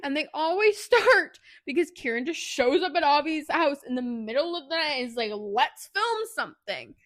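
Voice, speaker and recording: High-voiced chatty woman podcaster. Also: fairly quick. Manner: chatty, animated retelling with laughs and asides. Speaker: podcast co-host. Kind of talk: casual book review chat.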